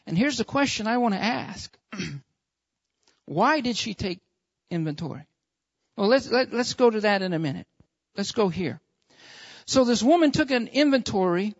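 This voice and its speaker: A man's voice: high-pitched, no echo. Guy preaching a sermon, keeps repeating himself and asking questions, muffled lo-fi sound. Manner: repetitive preaching with rhetorical questions. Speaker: pastor. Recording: dull lo-fi dry recording.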